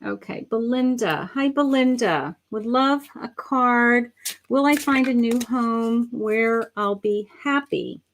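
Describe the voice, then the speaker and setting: Speaking slowly in a fairly high pitch, a middle-aged woman leads a live psychic reading. She's gentle and rambling, with lots of fillers and restarts, calling viewers honey and sweetheart, and a bit hoarse as she notes her voice is going.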